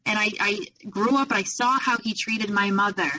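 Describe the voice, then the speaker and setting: A woman's voice: medium pitch, fairly even intonation, moderate pace, bright, forceful tone, far from the mic, poor audio. A young adult woman, a podcast guest, telling a personal story in a rambling way full of fillers and restarts. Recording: voice a little off-mic.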